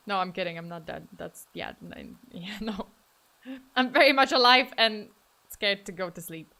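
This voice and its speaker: A woman's voice: medium pitch, a little slow, gravelly, pushed and bright. A woman streamer chatting casually with her viewers, playful and mock-dramatic, often laughing. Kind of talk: casual livestream chat.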